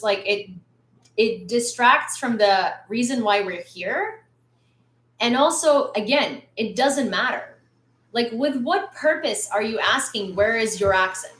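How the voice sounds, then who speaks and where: A woman's voice: mid-range voice, fairly bright tone. A woman hosting a casual news livestream from a room at home, chatty with lots of fillers and blunt when she lectures. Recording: roomy echo.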